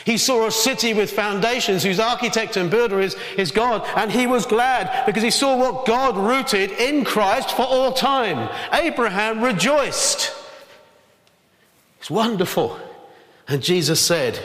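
A man's voice: high voice, lively intonation, unhurried, a bit bright. A man preaching a sermon, earnest and emphatic, acting out the scripture quotes he tells. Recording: reverberant hall.

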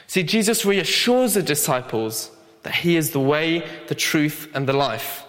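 A man's voice: fairly high pitch, sing-song, measured pace, a bit bright. A young man preaching a sermon in an earnest, conversational way with light humor. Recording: long hall reverb.

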